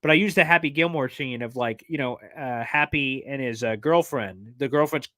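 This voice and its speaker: Excitable man, dry close mic. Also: mid-range voice, dry recording. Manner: excitable, jokey, fast-talking with many fillers. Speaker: sports livestream host. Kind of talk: casual live chat reading fan questions.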